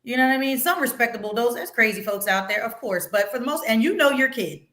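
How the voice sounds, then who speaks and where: Bright-voiced outspoken woman host. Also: a little high, lively intonation, quick pace, roomy sound. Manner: outspoken, swears freely, laughs often. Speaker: podcast host. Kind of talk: casual chat.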